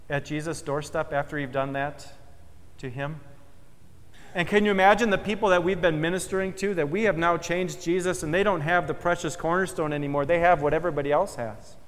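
Emphatic preacher in a reverberant church. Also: male voice, a little high. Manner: emphatic, swells loud then drops soft and slow. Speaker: pastor. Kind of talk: sermon. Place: church sanctuary.

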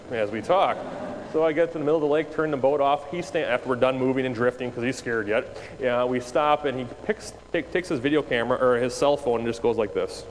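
Man, youth pastor, animated storytelling, long hall reverb, faint background noise. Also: medium pitch, fairly quick. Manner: animated storyteller acting out quoted dialogue. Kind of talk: storytelling talk to an audience.

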